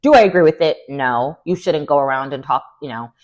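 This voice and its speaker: A young woman with a sassy, animated manner, giving an opinionated recap of a reality TV show. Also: deep voice, brisk. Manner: animated, sassy, lots of "like" and "girl". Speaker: recap vlogger.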